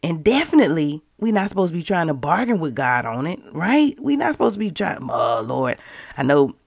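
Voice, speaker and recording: A woman with speech delivers a casual devotional teaching in a slightly low voice. She is conversational and emphatic, calling her listeners y'all, and the recording is close and dry with no room sound. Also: very animated, fast talker, vocal fry, husky, no echo. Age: adult with children. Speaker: Christian devotional host.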